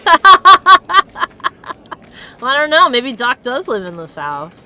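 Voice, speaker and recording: A woman streaming a video game, chatting casually, reacting loudly and laughing often. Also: high voice, big pitch swings, extremely slow, a little hiss or hum. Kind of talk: casual let's-play chat.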